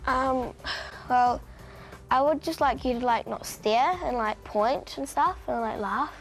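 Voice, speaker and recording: A woman's voice: high voice, measured pace, soft background music. A young teenage girl from New Zealand, shy and hesitant, speaking with many fillers. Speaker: schoolgirl with Tourette's.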